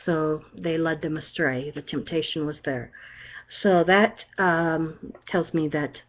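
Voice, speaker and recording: A woman's voice: sits low, slow, a little hiss or hum. An older woman doing a chatty, reassuring psychic card reading, often checking in with "okay?". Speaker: psychic reader. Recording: dull lo-fi recording.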